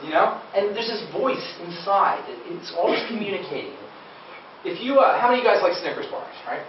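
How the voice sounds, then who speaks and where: Chatting with a live audience in a lecture room, this man delivers a nutrition seminar and keeps asking listeners questions. He has a high, animated voice at a fairly quick pace; the recording is distant, dull, and echoey with background noise.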